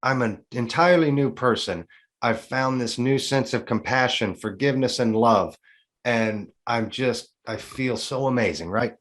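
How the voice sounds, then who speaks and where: A man in his forties shares a personal story in an interview, mid-pitched and earnest. He gets animated and acts out the conversations he recounts. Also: unhurried. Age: 40s. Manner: earnest, animated retelling with quoted dialogue. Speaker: guest.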